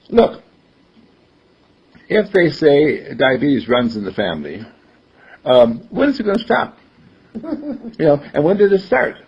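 Older man with a husky gravelly voice. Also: mid-range voice. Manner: storytelling, acts out quoted voices, chuckles often. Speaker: speaker giving a talk. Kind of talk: conversational talk with anecdotes. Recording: dull lo-fi recording.

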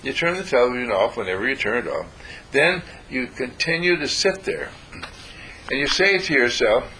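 Man, spiritual teacher, bright clear tone, calm and repetitive, faint low rumble behind. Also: moderate pace, poor audio. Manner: calm, repetitive, gently instructive. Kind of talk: guided affirmation talk.

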